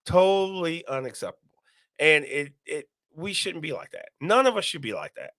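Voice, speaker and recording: A man's voice: fairly high pitch, very animated, moderate pace, bright, forceful tone, dry recording, clean studio sound. A man hosting a casual live stream, talking to viewers and reading their comments aloud, repeating himself often. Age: adult, parent.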